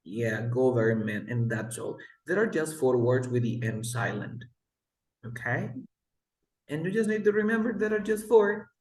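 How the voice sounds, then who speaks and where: A man teaching English pronunciation one-to-one, patiently modeling words slowly and repeating them. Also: fairly high pitch, lively intonation, a little mellow. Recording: echoey room.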